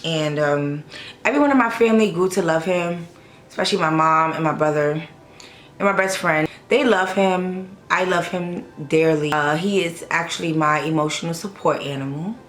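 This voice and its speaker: A woman's voice: low voice, normal speed, fairly bright tone. A young woman talking casually to camera in a vlog, emotional and hesitant, holding back tears. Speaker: vlogger. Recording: echoey room with faint background noise.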